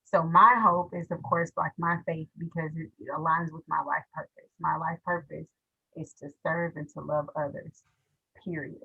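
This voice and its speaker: Lady counselor, teary and heartfelt, lowish voice, muffled lo-fi audio. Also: little pitch movement, normal speed, vocal fry, husky. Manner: tearful, earnest, heartfelt. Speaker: school counselor. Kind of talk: panel discussion, emotional sharing. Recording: dull lo-fi audio.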